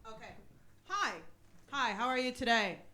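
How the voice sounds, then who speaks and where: A woman performing stand-up in a small comedy club, chatting with the crowd in a self-deprecating way, often pausing on "um". English is not her first language. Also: a little high, very animated, noisy background. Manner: self-deprecating, crowd work, many ums.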